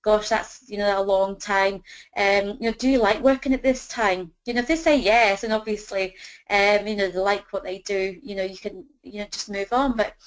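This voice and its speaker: A woman's voice: mid-range voice, moderate pace, poor audio. Chatty woman coaching sales scripts. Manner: chatty, fills with "you know", acts out sample dialogue. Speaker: business trainer.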